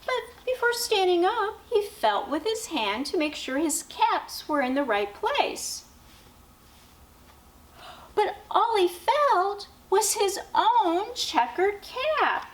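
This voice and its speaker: A woman teacher reading a children's picture book aloud with expressive, drawn-out storytelling, asking questions of young listeners. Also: very high-pitched, a little hiss or hum. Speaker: teacher and education dean.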